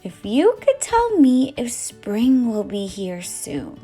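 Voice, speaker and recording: A woman voicing a polite, gentle female skunk who speaks softly. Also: on the high side, wildly swooping pitch, takes it slowly, soft background music, full character voice. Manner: polite and soft-spoken.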